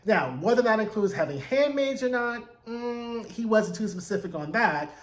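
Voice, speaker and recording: A man giving a chatty, animated recap of a TV episode, acting out the characters' lines. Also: high-pitched, normal speed. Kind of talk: casual recap commentary. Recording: echoey room.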